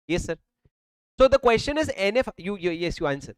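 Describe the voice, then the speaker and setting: High-voiced Indian man lecturing emphatically. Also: sing-song, fairly quick, clear, resonant tone, no echo, poor audio. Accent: Indian English. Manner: emphatic, repetitive, addresses students as sir. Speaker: accountancy law teacher. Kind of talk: classroom lecture. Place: classroom with students. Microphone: handheld or worn mic.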